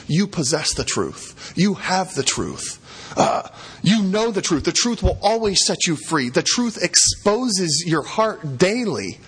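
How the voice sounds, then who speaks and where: A middle-aged male pastor delivers a sermon in a fairly high, husky voice. He is emphatic and hammers his points home by repeating key phrases.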